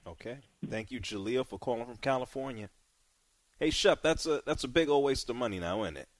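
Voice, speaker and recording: Lively, loose-talking radio host man. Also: medium pitch, a little fast, dry recording. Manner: loose, conversational, trailing off and sighing. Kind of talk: casual sports talk. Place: radio studio. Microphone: studio mic.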